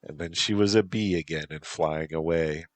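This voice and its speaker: A man calmly narrating a story as an audiobook. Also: very deep voice, normal speed, no echo.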